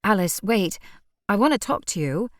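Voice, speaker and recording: A woman's voice: medium pitch, lively intonation, moderate pace, no echo, studio quality, lightly acted. Woman voicing a charming, earnest young man. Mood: pleading. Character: charming young man, easygoing but jealous.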